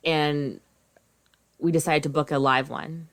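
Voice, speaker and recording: A woman in her thirties co-hosts a podcast, chatting loosely and casually at a measured pace. Her voice sits a little low; she's expressive, swears freely, and rises and falls in volume as she talks.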